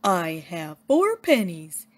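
A woman voicing a clumsy, friendly young male moose who talks in a slow, earnest, literal way. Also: on the low side, big pitch swings, pitched below the performer's own voice, heavily acted.

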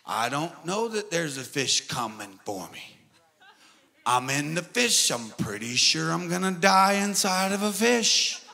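A man preaching a sermon as pastor, animated and swinging between loud and soft delivery. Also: fairly high pitch, unhurried, gravelly. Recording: long hall reverb with faint music.

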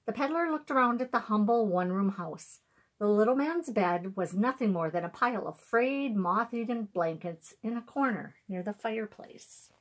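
Expressive woman storyteller reading aloud to children; husky, animated delivery. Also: medium pitch, normal speed.

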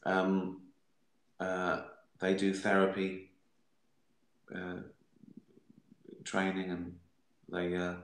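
A man's voice: low-pitched, completely flat delivery, drawn-out words, pauses often. A middle-aged man hosting a casual live stream, answering viewer questions in a rambling, hesitant way with dry jokes. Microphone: phone streaming live. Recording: roomy, echoey room sound.

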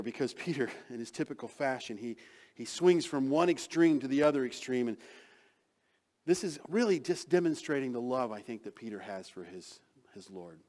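A man preaching a sermon as pastor, acting out quoted lines with sudden swings from loud to soft. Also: mid-range voice.

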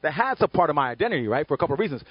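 A man with a fairly high, husky voice talks on a panel in an animated, emphatic way, often tagging his points with "right?". The sound is dry and a little dull. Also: racing, no echo. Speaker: panelist and author. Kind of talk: panel discussion talk.

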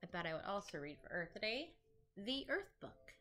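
A woman teacher reading picture books aloud to children in an animated, sing-song storytelling manner. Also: medium pitch, moderate pace.

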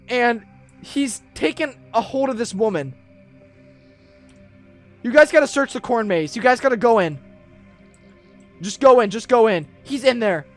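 An actor playing a panicky young man in pajamas who keeps repeating himself in a low-budget horror film. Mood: urgent. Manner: frantic, breathless, repeats himself. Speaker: witness at a corn maze. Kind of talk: amateur horror film acting.

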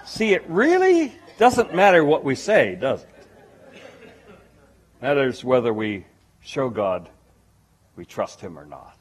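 A male preacher delivering a sermon at a slow, deliberate pace. His voice is husky and his pitch swings widely as he tells stories and drives home his points. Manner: animated storytelling preaching.

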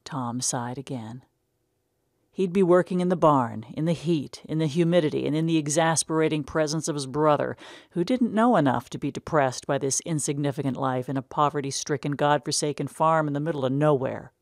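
A woman narrating a short story in a measured, unhurried way. Her voice sits low. The sound is dry and close, as from a studio booth. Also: darkish tone, no echo.

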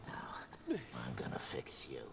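An actor playing a menacing, gloating male villain in a film, speaking in a hushed, gravelly voice. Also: very deep voice, huge pitch swings, measured pace, whispered, heavily acted. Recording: film audio with loud noise.

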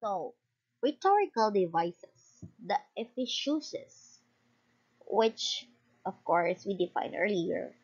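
A young woman student giving a class report, reading from notes with small slips and quick apologies. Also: fairly low pitch, a little mellow, slightly rough. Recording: dull lo-fi recording.

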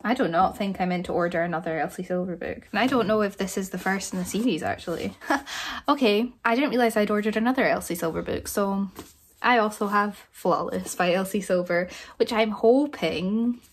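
A woman's voice: medium pitch, normal speed, slight background noise. A young woman chatting casually and self-deprecatingly through a book haul, thinking aloud. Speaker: book vlogger.

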